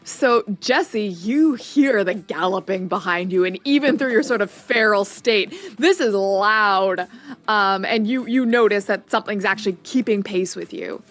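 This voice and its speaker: A woman narrating a tabletop game as game master, playful and halting, with many fillers. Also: mid-range voice, faint music behind.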